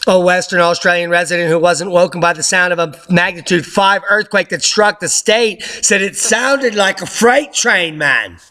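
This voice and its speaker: A man hosting a news update, giving casual commentary over clips in an excitable, sarcastic way with sudden loud outbursts. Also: sits high, moderate pace, hardly any pauses. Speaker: host of a news update channel.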